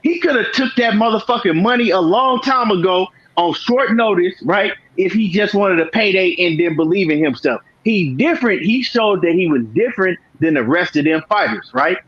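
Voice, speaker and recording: Man, high voice, husky, emphatic boxing talk, dull lo-fi recording. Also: lively intonation, moderate pace, hardly any pauses. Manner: emphatic, keeps asking "right?". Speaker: boxing show host.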